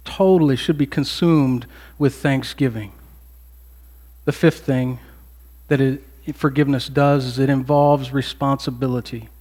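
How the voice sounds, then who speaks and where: A man's voice: medium pitch, steady tone, a little mellow. Earnest man preaching a sermon. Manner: earnest, emphatic preaching with repetitions and pauses. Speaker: pastor.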